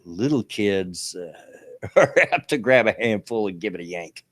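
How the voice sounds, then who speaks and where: Older male co-host, low-pitched, folksy rambling delivery. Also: animated, normal speed. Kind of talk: casual chat.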